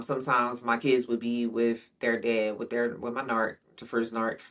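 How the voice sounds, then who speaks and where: A man's voice: medium pitch, a bit bright, recorded from a distance. Frank, rambling man telling a story. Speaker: vlogger. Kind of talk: candid storytime monologue.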